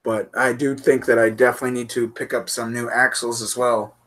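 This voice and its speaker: Male RC show host, mid-pitched, goofy casual stream chat, laughs easily. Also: flat delivery, fairly quick, a bit bright. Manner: goofy, laughing, chatty with viewers.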